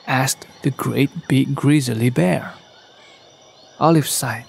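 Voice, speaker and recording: Slow gravelly man reading a bedtime story. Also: medium pitch. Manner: slow, gentle read-aloud delivery. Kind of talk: scripted bedtime story narration. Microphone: studio microphone.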